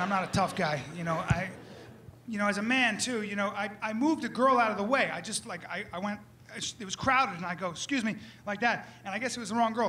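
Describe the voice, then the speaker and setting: A man performing a stand-up set on a comedy club stage, telling animated stories and acting out scenes in different voices. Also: high-pitched, noisy background. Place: comedy club stage before a live audience. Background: audience laughter.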